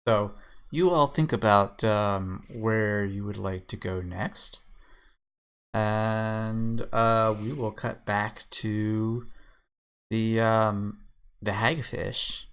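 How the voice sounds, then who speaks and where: A man narrating a tabletop game as game master, speaking haltingly with many fillers. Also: on the low side, steady tone, a bit bright, smooth.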